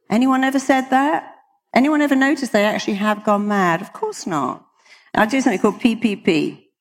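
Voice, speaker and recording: With a medium-pitched voice, lively intonation and normal speed, a British woman hypnotherapist addresses an audience in a large hall, the sound carrying a big-room feel. She delivers an emphatic motivational talk, quoting others in acted voices.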